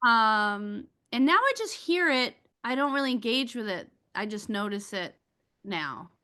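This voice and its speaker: A woman with a bright, crisp voice co-hosts a podcast. She speaks in an open, reflective, self-disclosing way. She shares her thoughts in a thoughtful, conversational manner. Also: fairly high pitch, big pitch swings, a little slow. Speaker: podcast co-host.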